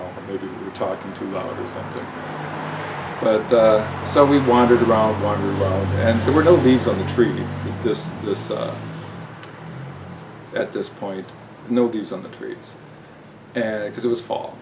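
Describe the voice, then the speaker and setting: Brief: man, lowish voice, casual self-mocking storyteller, air conditioner noise behind. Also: fairly even intonation, normal speed. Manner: rambling, self-mocking, many fillers.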